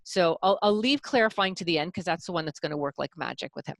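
A middle-aged woman parenting coach talks with animated, demonstrative energy. She swings her pitch freely as she acts out examples. The recording is dry and close. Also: quick pace, vocal fry, no room sound. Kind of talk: coaching talk.

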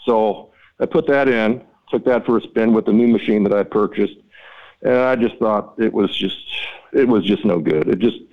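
A man guest on a fishing podcast, telling a story in an animated, exasperated way and acting out both sides of a conversation. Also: moderate pace, highs cut off. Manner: animated, exasperated, reenacts dialogue with rising pitch. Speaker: podcast guest, mapping company founder. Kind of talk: storytelling interview talk.

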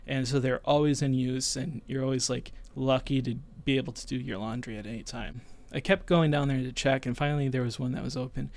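A man in his twenties casually telling a personal story, animated and acting out the people in it. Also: medium pitch, fairly quick, few pauses. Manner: animated, voices others in retelling. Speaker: storyteller guest.

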